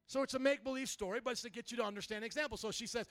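A man's voice: very high voice, steady tone, racing, few pauses, a bit bright, dry recording, clean studio sound. A male pastor preaching an emphatic, rousing sermon and calling for responses from the congregation.

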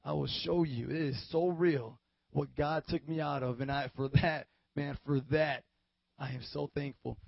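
A man's voice: a little high, fairly even intonation, unhurried, creaky, no echo, dull audio. A young adult man preaching at a podium, giving his testimony in a casual, slangy way that builds to fervent. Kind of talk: sermon testimony. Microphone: podium mic.

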